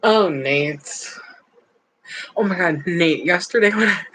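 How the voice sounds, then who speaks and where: A woman's voice: on the low side, slow pace, fairly bright tone, rough recording. Blunt, playful woman streamer. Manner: playful, blunt and teasing, laughs often. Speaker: livestream host reading chat. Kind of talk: casual chat.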